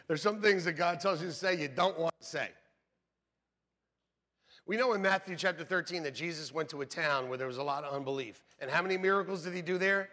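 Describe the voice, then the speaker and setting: A man pastor preaching a sermon in an animated, joking way, laughing often as he speaks to the congregation. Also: fairly high pitch. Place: church sanctuary. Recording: long hall reverb with faint music.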